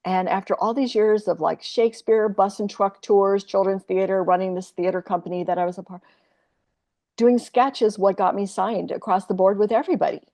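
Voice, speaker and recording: A woman's voice: medium pitch, fairly even intonation, fairly quick, warm tone. A woman in her sixties, a podcast guest telling a candid personal story in a rambling, profane way, full of fillers and restarts.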